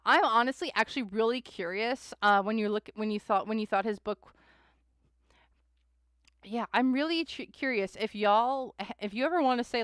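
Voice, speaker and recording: A woman's voice: mid-range voice, fairly bright tone, clear, resonant tone, no echo, studio quality. A young adult woman hosting a live tarot stream, chatting with viewers in a rambling way and often laughing and sighing between thoughts.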